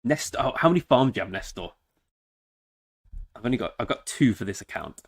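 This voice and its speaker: A man's voice: medium pitch, animated, fairly quick. A man chatting casually and joking while streaming a strategy game. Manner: chatty, joking, talks to chat. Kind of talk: casual live-stream chat.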